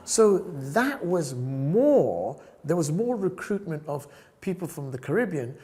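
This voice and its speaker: An older man from South Africa, a photographer telling stories as a podcast guest, lively and often laughing. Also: on the high side, measured pace. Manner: animated, acts out other people's voices, laughs often. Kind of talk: storytelling podcast interview.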